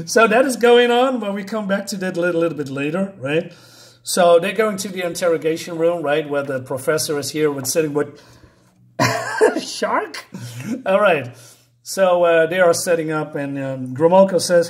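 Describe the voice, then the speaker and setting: Chuckling man with a higher voice. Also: expressive, moderate pace. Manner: rambling, chuckling, full of "so, um, right?". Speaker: comic book reviewer. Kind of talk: casual comic recap.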